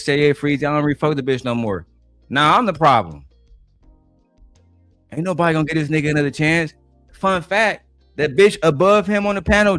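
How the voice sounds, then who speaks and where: Heated, fast-ranting man. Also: high-pitched, a bit bright, no room sound. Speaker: live streamer. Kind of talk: ranting live stream.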